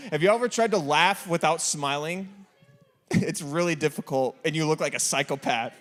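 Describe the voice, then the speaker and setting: A man's voice: a little high, animated, normal speed, fairly bright tone. A man hosting a game for a youth group in a church room, teasing and laughing with the crowd. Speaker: game host.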